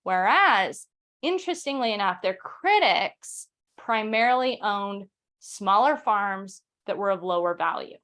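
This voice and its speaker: A young woman hosting a casual history talk at a home setup, chatty and quick, with fillers and restarts, reading quotes aloud. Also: mid-range voice, animated, fairly bright tone. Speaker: podcast host.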